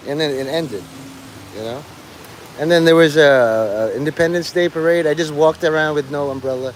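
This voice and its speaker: A man's voice: fairly high pitch, normal speed, slight background noise, rough recording. A middle-aged man rambling crudely in a monologue while out in the rain, swearing and joking to himself. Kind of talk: rambling outdoor livestream monologue. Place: outdoors in the rain near traffic.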